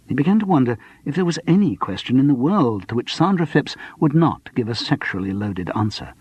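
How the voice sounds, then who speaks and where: A man narrates a cozy mystery with wry, measured storytelling. His voice has a husky grain, recorded close and dry with no room in it. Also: mid-range voice, expressive, a little mellow, dry recording. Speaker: audiobook narrator. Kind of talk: scripted narration.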